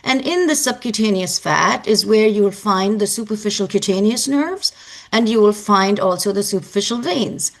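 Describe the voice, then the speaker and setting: A woman lecturing on anatomy with a middle-pitched voice carrying a gravelly, creaky texture. She explains patiently and in detail, circling back to stress the points students must remember. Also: lively intonation, normal speed. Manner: explanatory, repeats key points for emphasis.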